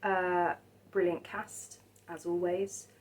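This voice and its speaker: A woman talking casually about old horror films, soft-spoken and hesitant, with many pauses and restarts. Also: lowish voice, level tone, rough recording. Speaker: film vlogger.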